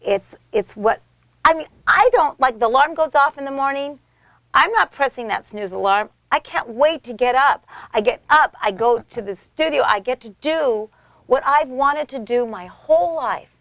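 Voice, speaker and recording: A middle-aged American actress telling stories in an interview, animated and effusive with frequent restarts. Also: female voice, high-pitched, moderate pace, no echo. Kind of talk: casual storytelling in an interview.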